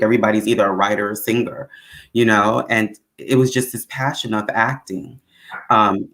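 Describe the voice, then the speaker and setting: A woman with a Brooklyn accent telling stories as a guest, animated and full of acted-out quotes. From Brooklyn, New York. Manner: animated storyteller, acts out quotes with big pitch swings. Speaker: guest actor. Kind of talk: casual storytelling interview.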